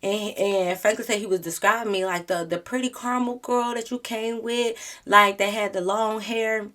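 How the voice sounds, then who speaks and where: A young adult woman vlogger telling a storytime to her viewers in casual chat, animated and dramatic, laughing often. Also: medium pitch, normal speed. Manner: talks straight to her viewers.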